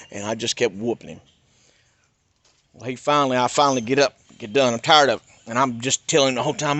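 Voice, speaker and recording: A middle-aged man from North Carolina, telling a personal story in an animated, emphatic rant. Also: mid-range voice, a little fast, no room sound. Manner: animated, emphatic, swings between loud and hushed. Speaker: YouTuber.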